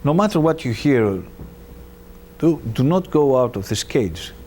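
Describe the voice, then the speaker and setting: A man's voice: medium pitch, very animated, unhurried, darkish tone, slight background noise. Emphatic, anxious mother goddess, read by a male lecturer. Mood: warning.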